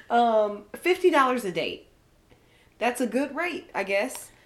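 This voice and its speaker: Young woman, podcast co-host, casual chat, higher voice, ranting. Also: slow. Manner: animated, laughing, ranting.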